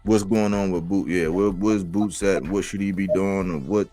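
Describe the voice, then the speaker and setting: A man's voice: deep voice, steady tone, normal speed, a crowd in the background. A man hosting a casual boxing chat on a livestream, loose and laid-back, trailing off with fillers. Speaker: host. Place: livestream call. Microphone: video call.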